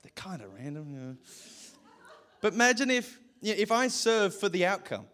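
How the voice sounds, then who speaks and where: A young pastor preaches with a high, light voice. He tells stories about himself in a self-deprecating way and breaks into laughter often, keeping his sermon casual. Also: sing-song, moderate pace, fairly bright tone.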